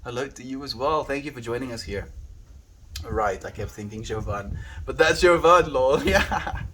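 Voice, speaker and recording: A man's voice: medium pitch, normal speed, fairly bright tone, a little hiss or hum, rough recording. Man, livestreamer, reading chat, playful, giggly, earnest when reflective, casual. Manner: playful and giggly, often laughing.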